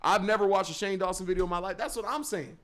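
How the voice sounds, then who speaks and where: A man's voice: sits high, fast talker, a bit bright. A young man co-hosting a commentary video, reacting in slang and talking straight to the viewers. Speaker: co-host. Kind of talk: reactive casual chat.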